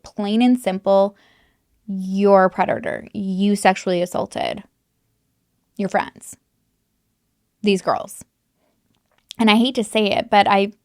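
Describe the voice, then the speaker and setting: A woman's voice: mid-range voice, darkish tone, dry recording, clean studio sound. A woman giving casual true crime commentary to camera, candid and swearing freely, with lots of likes and you knows, while recovering from an illness.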